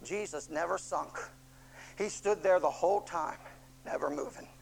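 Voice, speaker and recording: A preacher delivering a sermon with emphatic repetition and rhetorical questions, moving from hushed tones up to loud shouting. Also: mid-range voice, moderate pace, gravelly, a little hiss or hum, rough recording. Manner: impassioned, swings from hushed to shouting.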